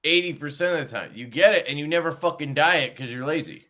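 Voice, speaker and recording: A man's voice: fairly high pitch, fast, bright, forceful tone. A man hosting a livestream in casual chat, rambling and jokey, with some swearing. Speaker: livestream host.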